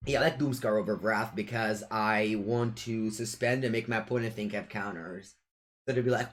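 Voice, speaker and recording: With a lowish voice at a moderate pace, an Italian-accented man offers live commentary on the card game he's playing on stream. He jokes around with viewers while taunting the player across from him.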